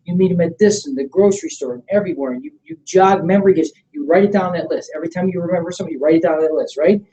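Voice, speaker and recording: Mellow-voiced man coaching a sales team. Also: rapid-fire, rough recording. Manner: energetic and coaching, often checks in with the room; acts out sample sales pitches in a calmer voice. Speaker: network marketing trainer. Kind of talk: motivational training seminar talk.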